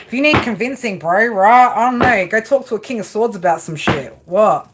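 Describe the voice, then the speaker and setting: A woman's voice: medium pitch, lively intonation, normal speed, background noise. A woman giving live tarot readings, chatting casually and profanely with viewers and laughing often. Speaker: tarot reader.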